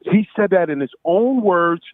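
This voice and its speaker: A man's voice: high-pitched, expressive, measured pace, no room sound. A man from Las Vegas calling into a talk radio show, emphatically listing his points, heard over a phone line. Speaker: caller. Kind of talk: call-in political rant.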